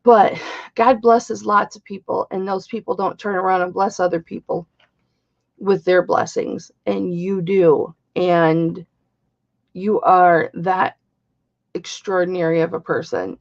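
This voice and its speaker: Slow, chatty middle-aged woman selling jewelry. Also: on the low side, darkish tone, lo-fi sound. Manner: chatty, bawdy, greets viewers by name. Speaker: live-stream jewelry seller. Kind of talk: live-stream auction chat.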